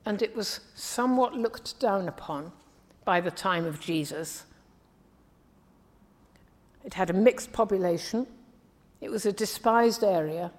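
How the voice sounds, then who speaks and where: A woman from the English Midlands preaching a sermon in a measured, earnest way, often trailing off softly at the ends of phrases. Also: medium pitch. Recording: long hall reverb.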